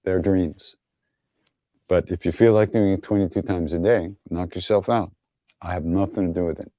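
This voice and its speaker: A man's voice: low voice, steady tone, moderate pace, mellow, no room sound, studio quality. A man hosting an online gathering, answering viewer questions in an easygoing, wry way, telling stories with many fillers and chuckles. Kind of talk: casual online Q&A storytelling.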